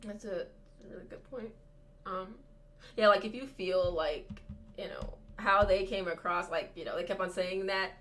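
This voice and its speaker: A woman's voice: medium pitch, normal speed, fairly bright tone, a little hiss or hum. A woman co-hosting a podcast in casual chat, thinking aloud in a rambling way with many fillers. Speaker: podcast co-host.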